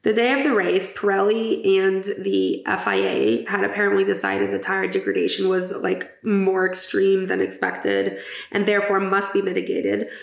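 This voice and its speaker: A chatty woman hosts a podcast in a relaxed, giggly way, tossing in the odd swear. Her voice has a gravelly edge, and the room around her sounds echoey. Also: medium pitch. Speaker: podcast host. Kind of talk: casual chat.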